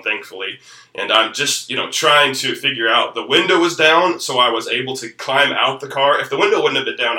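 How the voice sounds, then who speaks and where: A man's voice: on the low side, sharp tone, reverberant, far from the mic, poor audio. A man in his thirties, a pastor, telling a personal faith story in a reflective way, with many fillers and restarts. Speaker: executive pastor. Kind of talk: personal testimony.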